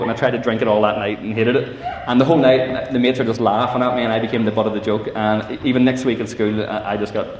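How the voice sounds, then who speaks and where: Northern Irish man, middle-aged, youth speaker: humorous storytelling, acted asides, boomy hall sound with long reverb. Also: highs cut off, noisy background. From Northern Ireland. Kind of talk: humorous talk to teenagers. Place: large civic hall. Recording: echoey hall from far off.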